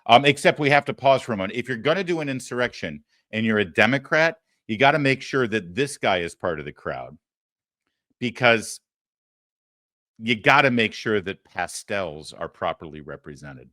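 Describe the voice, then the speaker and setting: A man's voice: on the low side, lively intonation, moderate pace, bright, forceful tone, no echo, clean studio sound. A middle-aged man hosting a talk show, giving sarcastic, mocking political commentary.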